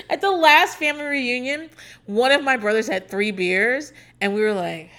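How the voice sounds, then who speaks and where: A young woman from Virginia tells stories on her podcast in a bright, tense, slightly high voice. She talks casually, curses freely and laughs often. She jumps way up in pitch when she acts out what other people said. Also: normal speed. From Hampton Roads, Virginia. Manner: animated, laughing, cursing, acts out quotes in high voice. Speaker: podcast host. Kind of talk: casual storytelling chat.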